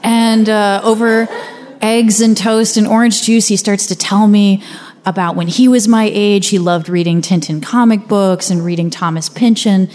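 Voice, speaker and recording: Lively young woman telling a story. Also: mid-range voice, moderate pace. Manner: conversational, vivid storytelling with playful asides. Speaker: speaker. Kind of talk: first-person storytelling talk.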